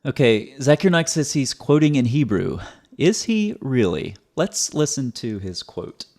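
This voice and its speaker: A man's voice: medium pitch, big pitch swings, measured pace, darkish tone. A man hosting a video commentary, explaining step by step in a methodical, sarcastic way, often repeating words.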